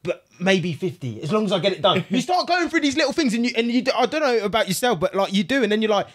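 A man's voice: high-pitched, sing-song, quick pace. A man hosting a podcast in casual chat, slangy, acting out his own inner talk. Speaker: podcast host.

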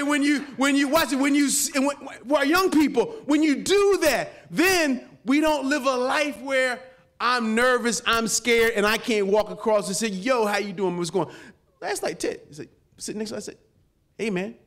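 A middle-aged man, a pastor, preaching a lively sermon to a live audience, calling for responses and swinging from quiet asides to shouts. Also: very high voice. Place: conference hall before a live audience.

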